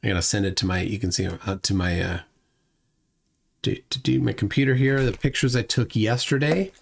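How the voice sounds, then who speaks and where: Casual middle-aged guy hosting a live stream, reads chat out loud, kinda rambly, lots of restarts. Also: on the low side, fairly even intonation, moderate pace, vocal fry, husky. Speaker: livestream host. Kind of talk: casual livestream chat reading comments.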